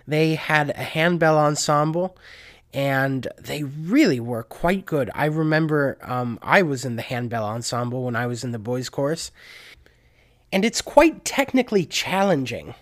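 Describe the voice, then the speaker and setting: A man's voice: mid-range voice, animated, measured pace. Chatty man hosting a solo podcast. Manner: rambling, self-correcting, chatty. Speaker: podcast host. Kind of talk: casual solo monologue.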